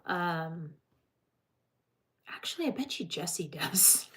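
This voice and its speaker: A woman's voice: on the low side, big pitch swings, a little slow, pauses often. A woman hosting a livestream, reading crime news aloud and breaking off to chat with her viewers in a loose, casual way.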